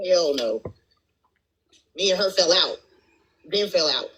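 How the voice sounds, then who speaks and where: A woman's voice: lowish voice, lively intonation, takes it slowly, over a noisy crowd, rough recording. A woman apologetically explaining herself in a casual live-stream chat over a phone.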